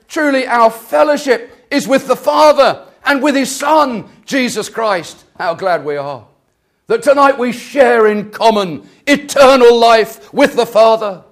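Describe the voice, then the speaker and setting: A man preaching an earnest sermon, repeating phrases and restarting, swelling louder then dropping low.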